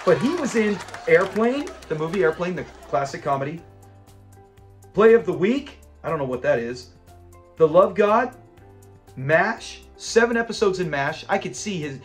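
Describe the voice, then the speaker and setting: Man, high voice, casual show host, chatty, laughs often, faint background music. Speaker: host of a classic TV review channel. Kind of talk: casual episode breakdown.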